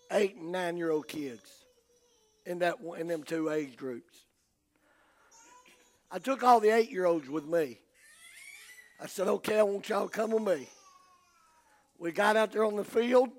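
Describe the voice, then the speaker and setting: An older man with a Southern US accent preaching a sermon, telling folksy stories and swinging from hushed tones to shouting. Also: sits high. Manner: folksy storytelling.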